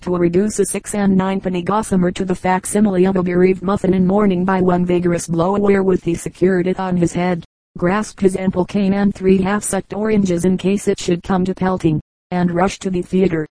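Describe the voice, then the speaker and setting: A woman reading a comic story aloud as an audiobook, moving briskly through the narration and slipping into the characters' lines. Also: lowish voice, warm tone, no echo, poor audio. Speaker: audiobook reader.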